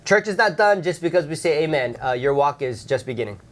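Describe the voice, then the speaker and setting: A man's voice: a little high, expressive, fast talker, fairly bright tone. A man co-hosting a church livestream, chatting casually, joking and reading out viewers' messages. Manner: friendly and joking, reads out viewers' chat messages. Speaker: co-host of a church pre-service livestream. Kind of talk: casual chat.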